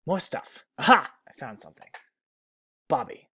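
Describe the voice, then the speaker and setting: A man's voice: medium pitch, wildly swooping pitch, slow, sharp tone, breathy edge. A man hosting a let's play, reacting to the game with sarcastic jokes and the odd curse. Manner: sarcastic, joking, swearing. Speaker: gaming channel host.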